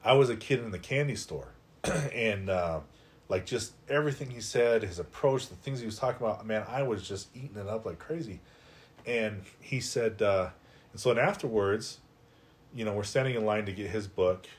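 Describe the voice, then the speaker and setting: A middle-aged man, a guest on a podcast, telling a personal story in a lively, conversational way with lots of "like.". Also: on the low side. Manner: animated, conversational, heavy use of "like". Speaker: podcast guest, life coach.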